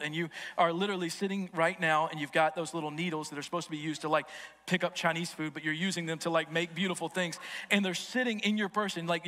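A man in his thirties preaching a sermon as a guest speaker, joking and telling stories with animated energy. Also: high-pitched. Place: church hall. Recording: long hall reverb.

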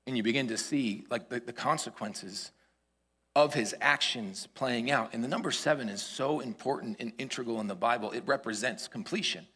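A man preaching a sermon, retelling a Bible story in an animated, conversational way with rising emphasis and casual asides. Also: mid-range voice, normal speed, slightly rough.

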